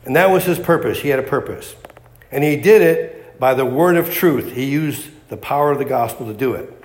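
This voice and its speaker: A man's voice: mid-range voice, normal speed. A man preaching a sermon, emphatic and repetitive, firing off rhetorical questions.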